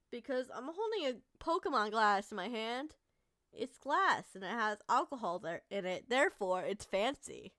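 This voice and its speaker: A woman's voice: on the high side, big pitch swings, unhurried, a bit bright. A woman VTuber chatting casually during a game stream, tipsy, playful and boastful as she talks to her viewers.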